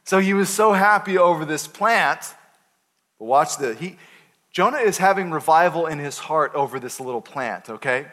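Animated man preaching a sermon. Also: on the high side, normal speed. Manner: animated storytelling with playful voices for characters. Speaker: pastor. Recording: hall reverb.

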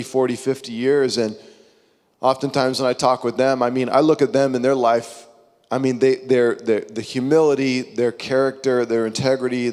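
Young man, preacher, sermon, animated, conversational, long hall reverb. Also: mid-range voice. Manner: animated, conversational, acts out quotes.

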